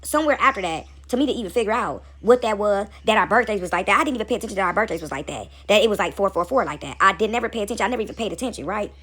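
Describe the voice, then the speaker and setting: A woman's voice: mid-range voice, animated, very fast, few pauses, a bit bright, slightly rough. A woman speaking to camera in a casual spiritual monologue. She keeps asking "right?" and repeats phrases for emphasis. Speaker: spiritual video host.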